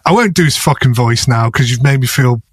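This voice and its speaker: A man's voice: mid-range voice, a little fast, husky, no room sound. A man with a Chester accent, co-hosting a podcast and telling a rambling, sweary anecdote while laughing often. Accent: Chester English. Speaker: podcast co-host. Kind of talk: casual chat.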